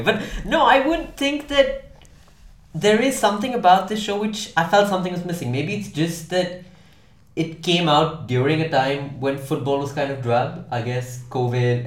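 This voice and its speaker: A man hosting a relaxed football podcast, talking in a loose, chatty way full of fillers. His voice sits at an ordinary middle pitch. The room around him rings with a noticeable echo. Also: moderate pace. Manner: chatty, leans on "like" and "right?". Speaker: podcast host. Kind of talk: casual chat. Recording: roomy echo.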